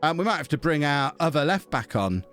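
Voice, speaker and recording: Over quiet game music, a man with a somewhat high, sing-song voice talks a little fast while live-streaming a football management game. His commentary is casual and chatty: he thinks aloud, mocks himself, and often breaks off to thank subscribers.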